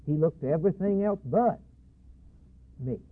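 A preacher voicing a solemn, grave high priest. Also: male voice, animated. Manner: grave, measured, quoting scripture. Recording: husky tinny phone-like broadcast.

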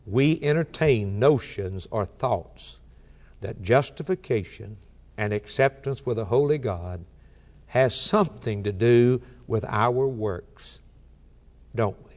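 A male preacher delivers a sermon in a church sanctuary, his voice trailing into a long hall reverb. He speaks at a middle pitch, pressing hard on key words, then dropping nearly to a murmur. He slows right down whenever he recites scripture. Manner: emphatic, swings between loud and soft, slows for quoted scripture.

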